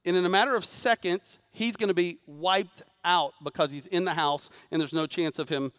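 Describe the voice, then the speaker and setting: A man preaching a sermon to a congregation, swinging between loud urgent calls for response and low, quiet emphasis. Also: clear, resonant tone, no echo, clean studio sound. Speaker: pastor. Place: church sanctuary before a congregation.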